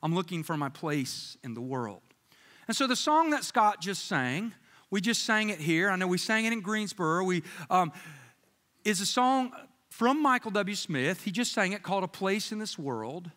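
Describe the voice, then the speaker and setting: Here the pastor's high-sitting voice holds a normal speed while he tells stories with energy, adds joking asides, and mimics the people he quotes. The sermon echoes with the long reverb of the church sanctuary.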